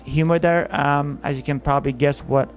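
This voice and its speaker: A man's voice: fairly high pitch, steady tone, normal speed, soft background music. A man telling a comic story about an ex, rambling with lots of fillers and acting out what was said. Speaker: comedian telling a dating story. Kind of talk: casual storytelling monologue.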